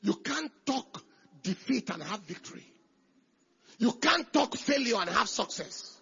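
A man preaching a sermon with emphasis, repeating phrases and swinging from hushed lines to shouted declarations. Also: very high voice, animated, a little slow, gravelly, slightly rough, highs cut off. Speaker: pastor.

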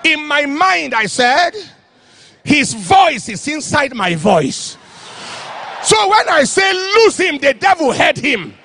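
Impassioned high-voiced male preacher. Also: big pitch swings, slow pace, gravelly. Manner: impassioned preaching, shouting and chanting phrases. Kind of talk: sermon.

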